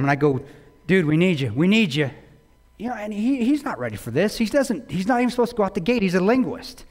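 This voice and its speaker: A man telling a war story as a guest speaker at a college lecture, blunt and self-mocking. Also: on the high side. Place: large lecture hall. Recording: long hall reverb.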